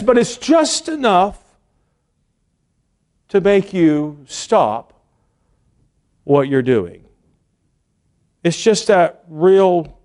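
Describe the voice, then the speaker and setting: A man preaching a sermon, earnest, pausing and repeating words as he builds his points and acts out the quotes. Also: a little high, a little mellow.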